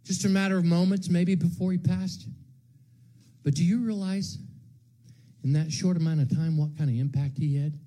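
A man preaching an Easter sermon to his congregation, moving from hushed tones to shouts and repeating his words for emphasis. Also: high-pitched, fairly even intonation, normal speed. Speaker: pastor. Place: church sanctuary with congregation.

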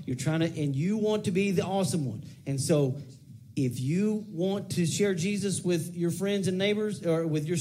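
A man's voice: on the high side, warm tone. A man in his thirties preaching a casual, conversational sermon, often repeating phrases and breaking into whiny acted-out prayers. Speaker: pastor.

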